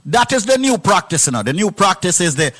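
A man hosting a talk radio show, animated and prompting a caller with questions. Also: sits high, a little fast.

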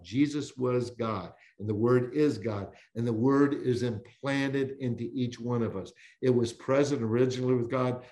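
A man teaching the Bible as a podcast guest, with an emphatic preaching cadence, slowing on key words and often restarting phrases. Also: medium pitch, darkish tone.

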